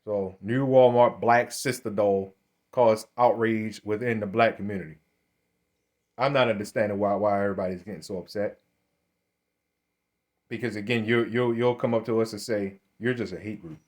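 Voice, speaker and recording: A man's voice: fairly low pitch, fairly even intonation, moderate pace, long pauses, a little mellow. A man giving blunt, confrontational commentary to camera. He often repeats himself, restarts his sentences and keeps calling his listeners "man". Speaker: religious commentator.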